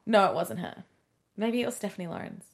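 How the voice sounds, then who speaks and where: This woman talks in casual podcast chat with a lively, swooping pitch. She is animated and says what she thinks, sometimes swearing. When she quotes people she jumps up into a high voice. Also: fairly quick, gravelly. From Middle Eastern background. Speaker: podcast co-host.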